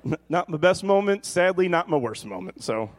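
Guy preaching a sermon, jokey and animated, yelps way up high sometimes, voice on the high side. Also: moderate pace. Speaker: pastor.

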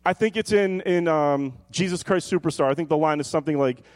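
Male pastor, sermon, animated storytelling, fairly high voice, playful then earnest. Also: fast talker, hardly any pauses. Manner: animated, jokey storytelling with sudden high yelps.

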